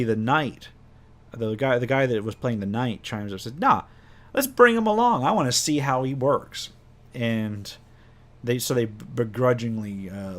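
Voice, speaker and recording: A man telling a tabletop game story as game master, casually and with many restarts, acting out his players' lines. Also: mid-range voice. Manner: rambling, many restarts, acts out players' voices.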